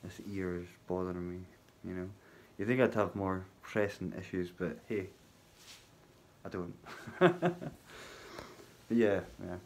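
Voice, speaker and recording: A man talking casually to his viewers from his hotel workplace at night, halting and full of ums, with a wry sense of humour. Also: low-pitched, fairly even intonation, a little mellow, slight background noise. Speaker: vlogger. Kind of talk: casual spoken vlog.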